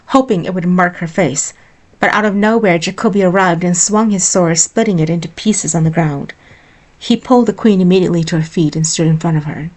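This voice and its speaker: A woman narrating a romance story in a calm, even storytelling manner. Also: on the low side, brisk. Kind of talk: audiobook-style romance narration.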